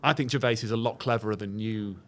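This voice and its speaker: Opinionated comedian arguing a point. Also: male voice, on the low side. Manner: opinionated, argumentative, quick to jump in. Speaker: comedy duo member, guest. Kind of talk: casual podcast chat.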